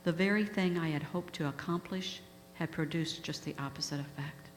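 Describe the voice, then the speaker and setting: Woman guest speaker, low voice, earnest storyteller, hall reverb. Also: normal speed, soft background music. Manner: earnest, emotional retelling. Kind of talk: storytelling talk. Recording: echoey hall with faint hum.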